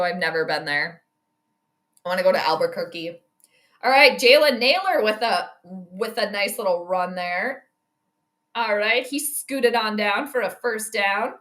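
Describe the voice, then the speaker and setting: A woman's voice: fairly high pitch, sharp tone. A woman hosting a casual livestream, rambling chattily through game reactions, viewer greetings and tangents. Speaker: livestream host doing game commentary and astrology predictions. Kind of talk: casual live-stream chat and play-by-play reactions.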